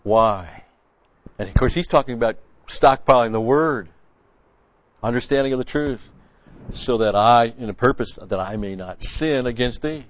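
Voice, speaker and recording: A man's voice: medium pitch, normal speed, no echo, muffled recording. A man preaching a conversational sermon, folksy and blunt, quoting scripture and restarting his sentences often.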